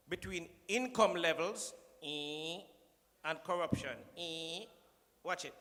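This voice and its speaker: A man's voice: on the high side, slow pace, pauses often, pushed and bright. A man with a Jamaican accent giving a playful, teasing conference speech from a podium, slipping into patois. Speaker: conference speaker addressing the minister. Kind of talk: joking public speech. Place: conference hall. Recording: long reverb of a large hall.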